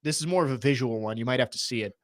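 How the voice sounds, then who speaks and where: A man's voice: medium pitch, rapid-fire, no room sound, clean studio sound. A young man hosting sports talk radio, reading listener texts aloud in an easygoing way and chuckling as he goes. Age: young adult.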